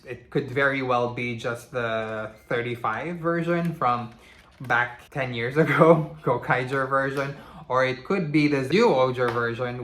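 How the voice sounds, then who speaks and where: In an echoey room, a channel host reviews a toy, his mid-range voice bright and forward. His delivery is loose and conversational, peppered with casual "you know" asides.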